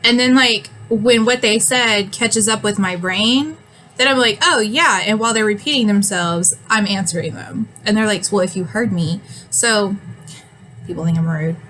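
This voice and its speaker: A woman's voice: mid-range voice, moderate pace, a bit bright, a little hiss or hum, poor audio. A woman in her thirties, chatting casually to camera, rambling with ums and frequent laughs, a bit winded and yawning. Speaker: vlogger.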